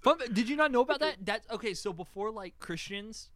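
A young man co-hosting a podcast, telling animated stories with swearing and frequent laughter in casual chat. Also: high-pitched, a little fast, dry recording. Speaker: podcast co-host.

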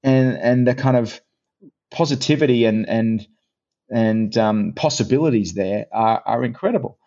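A middle-aged man with an Australian accent, a guest in a casual interview, telling stories in a chatty, animated way with many restarts. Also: mid-range voice, normal speed, muffled recording. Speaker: guest, actor and presenter.

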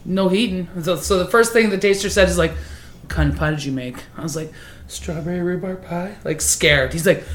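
Profane, low-voiced woman telling stories. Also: a little fast, slight background noise. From Canada. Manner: profane, animated storyteller. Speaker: guest baker. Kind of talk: casual podcast chat. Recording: echoey room.

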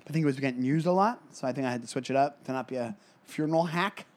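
A man co-hosting a comedy podcast, chatting casually and riffing on jokes with quick laughter. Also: medium pitch, darkish tone. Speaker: podcast co-host.

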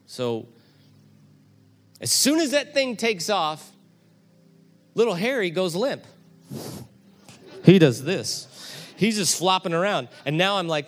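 A middle-aged pastor tells a sermon story with a slightly high voice. His delivery swells from quiet, conversational asides to loud, animated peaks. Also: slow pace, long pauses.

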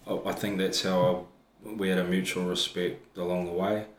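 A man speaking in casual chat, halting and repeating words as he thinks. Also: low-pitched, level tone. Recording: echoey room with faint background noise.

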